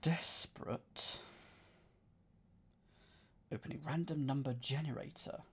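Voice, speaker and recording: A man's voice: medium pitch, slow pace, vocal fry, slightly rough. A man streaming himself solving a cryptic crossword, reading clues aloud and musing over the wordplay. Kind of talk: thinking aloud while solving.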